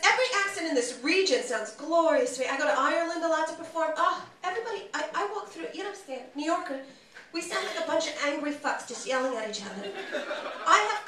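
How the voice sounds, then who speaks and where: A woman with a New York accent performing a stand-up comedy set on a club stage, talking loud, brash and animated, swearing freely. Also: sits high, fast talker. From New York, USA. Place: large comedy club stage, audience laughing. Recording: echoey room, from far off, noisy.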